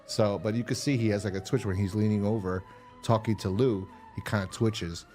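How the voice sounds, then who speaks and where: A man with a low, warm voice and steady tone talks a little fast while faint music plays underneath. He's a podcast co-host casually retelling a horror episode, cursing freely and often backing up to restart.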